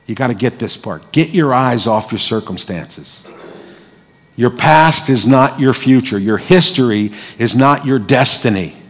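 A man preaching a sermon, dramatic, moving between hushed, quiet passages and loud, forceful lines. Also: medium pitch. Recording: long hall reverb.

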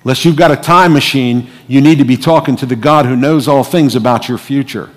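A man preaching a sermon, dramatic, moving between hushed, quiet passages and loud, forceful lines. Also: medium pitch, brisk. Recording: long hall reverb.

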